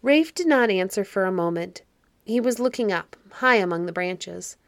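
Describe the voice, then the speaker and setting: A woman narrating a children's fairy story audiobook in a calm, measured way. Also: mid-range voice, no echo.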